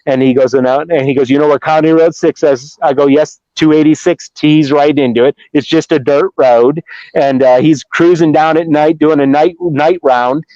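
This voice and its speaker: Middle-aged man, slightly higher voice, rambling storyteller, dull lo-fi sound, very dry. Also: steady tone, normal speed, mellow, no echo. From Ohio, USA. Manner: rambling, with restarts and acted-out quotes. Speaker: Bigfoot researcher guest. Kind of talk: casual storytelling. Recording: dull lo-fi dry remote audio.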